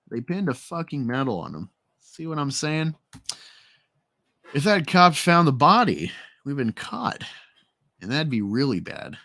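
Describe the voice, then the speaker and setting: A man voicing a crooked criminal who coaxes his simple partner, in a low, crude way. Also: pushed and bright, dry recording, clean studio sound.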